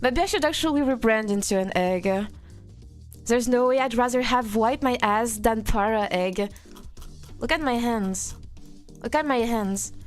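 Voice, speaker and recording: A woman's voice: fairly high pitch, a little slow, soft background music. A woman from France with a French accent, chatting playfully with her live-stream audience and answering chat.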